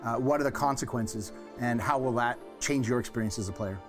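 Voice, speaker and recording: A man's voice: mid-range voice, fairly quick, over music. A man, a game developer, reflecting thoughtfully on story and travel in a promotional interview.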